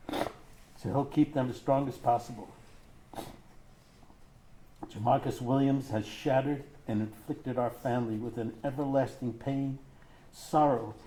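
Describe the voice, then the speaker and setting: Grief-stricken middle-aged man, mellow voice. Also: medium pitch. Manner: grief-stricken, halting, voice breaking. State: tearful, choked up. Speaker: grieving father giving victim statement. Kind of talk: reading a prepared statement in court. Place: courtroom.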